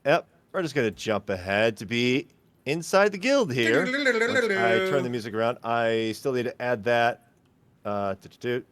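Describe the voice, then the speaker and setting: A man's voice: medium pitch, sing-song, moderate pace, fairly bright tone, no room sound. Rambling, casual male game master. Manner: rambling, thinking aloud. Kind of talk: casual tabletop game narration.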